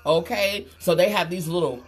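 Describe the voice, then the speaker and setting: A woman's voice: fairly low pitch, normal speed, husky. Chatty woman livestreaming. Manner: chatty, reads viewer comments aloud, calls them girl and honey. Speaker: livestream makeup host. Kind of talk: casual livestream chat. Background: faint Christmas music.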